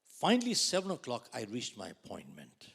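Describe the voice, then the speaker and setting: A man in his sixties from India, giving a dramatic storytelling keynote that swings between loud outbursts and near whispers. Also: mid-range voice, huge pitch swings, moderate pace, creaky, breathy edge. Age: 60s. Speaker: motivational speaker.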